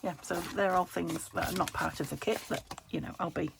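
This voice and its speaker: Rambling British craft host, low voice with some fry, talks to herself at the desk, faint hiss behind. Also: female voice, steady tone, a little fast. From United Kingdom. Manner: rambling, thinks aloud, laughs often. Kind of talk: chatty crafting vlog. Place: home craft room.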